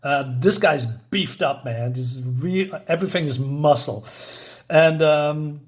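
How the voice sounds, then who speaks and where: Excited man with a fairly high voice. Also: slow pace. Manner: enthusiastic, chuckles often, says "badass" and "right?". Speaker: comic book reviewer. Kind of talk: casual comic review with read-aloud panels.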